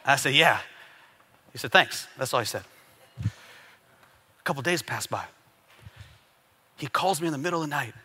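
A man preaching a sermon, with many restarts and calls for an amen, building up to loud fervor. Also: medium pitch, animated, measured pace, long pauses, slightly rough. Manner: asks for amens from the congregation. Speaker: pastor.

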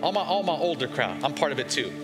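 A man's voice: fairly high pitch, big pitch swings, fast. A man in his forties, a pastor preaching to his congregation with emphatic call-and-response. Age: 40s. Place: large church sanctuary. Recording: long hall reverb, faint music underneath.

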